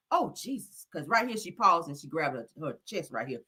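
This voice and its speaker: Woman, gossip show host, sassy, theatrical, wildly swooping pitch, bright, husky. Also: very animated, a little fast. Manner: sassy and theatrical, constantly calling listeners child, honey, girl; melodramatic, calling on the Lord and Jesus. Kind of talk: casual comedic monologue.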